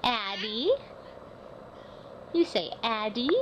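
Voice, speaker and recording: A mother reading a picture book to a toddler at home, naming each word slowly and coaxing the child to repeat it. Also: on the high side, animated. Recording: noisy home video.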